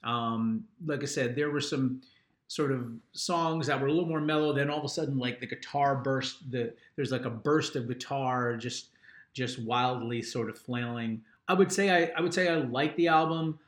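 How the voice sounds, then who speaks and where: A man's voice: medium pitch, normal speed. Rambling older man in a roomy room. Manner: rambling, musing, often restarting sentences. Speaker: father and regular panelist on a music podcast. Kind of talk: casual chat, album review. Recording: roomy echo.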